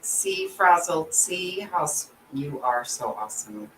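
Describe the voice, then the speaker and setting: A woman's voice: low-pitched, animated, slow pace. Blunt, swearing woman vlogger in a roomy echo. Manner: blunt, swears freely, emotional rants; talks to viewers and reads their comments. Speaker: channel host. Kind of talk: casual vlog commentary. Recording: roomy echo, distant from the mic, faint background noise.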